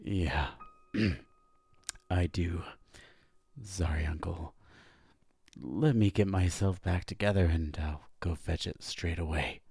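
A man's voice: low-pitched, slow pace, vocal fry, a little mellow, slightly rough, no echo, full character voice. A man voicing a cowed young demon who answers in a hesitant, stammering, wheezy way. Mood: meek. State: breathless after choking. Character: meek young male demon, cowed and weak.

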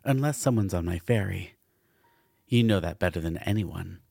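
A man's voice: deep voice, expressive, normal speed, creaky, a little mellow, breathy edge, no echo, studio quality, full character voice. A man voicing a brooding ferryman spirit in dog form, speaking in a weary, doubtful way.

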